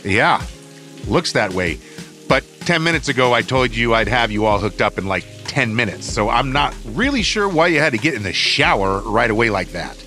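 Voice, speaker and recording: A man voicing a polite, deadpan cable installer. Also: mid-range voice, normal speed, soft background music. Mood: bemused. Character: patient, bemused male cable installer.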